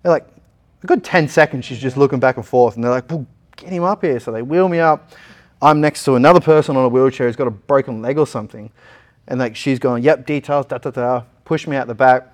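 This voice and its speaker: A young Australian man at a middle pitch tells a personal story in a relaxed interview. He talks casually and brings the story to life by doing the voices of the people in it. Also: a little fast. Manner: animated retelling, acting out other people's lines. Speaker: interview guest.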